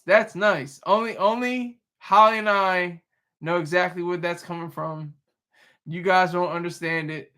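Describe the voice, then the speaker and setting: A man's voice: sits high, bright, forceful tone. A man hosting a livestream, casually chatting and reading viewer comments with playful teasing and frequent restarts. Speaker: livestream host.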